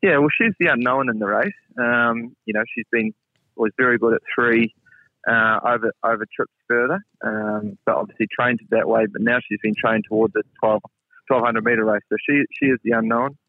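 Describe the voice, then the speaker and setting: A man with a New Zealand accent calling in as a guest, modest and measured. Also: medium pitch, animated, creaky, dry recording. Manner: modest, measured, many fillers. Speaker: racing stable hand, guest. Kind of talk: phone interview. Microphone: phone. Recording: tinny phone line.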